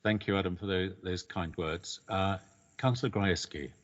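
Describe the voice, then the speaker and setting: A man chairing an online council committee meeting, courteous and measured as he calls on each speaker. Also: low-pitched. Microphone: video call. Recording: dull lo-fi video call audio.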